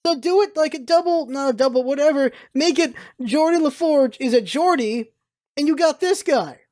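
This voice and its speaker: A woman's voice: high-pitched, moderate pace, a little mellow. A woman reading game dialogue aloud between jokey asides, trying out character voices as she plays. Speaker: let's play streamer.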